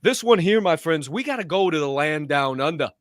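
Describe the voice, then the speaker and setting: A man's voice: fairly high pitch, animated, fairly quick, dry recording, studio quality. A man co-hosting a live motivational show, playful and folksy, often laughing. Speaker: podcast co-host. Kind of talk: casual live-stream hosting.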